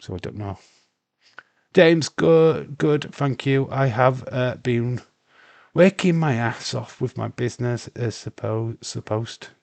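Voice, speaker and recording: A man's voice: mid-range voice, slow pace, gravelly, darkish tone, dry recording. A man with a Yorkshire accent hosting a casual live watch-along stream, swearing freely, reading chat messages aloud and rambling with restarts. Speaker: livestream host.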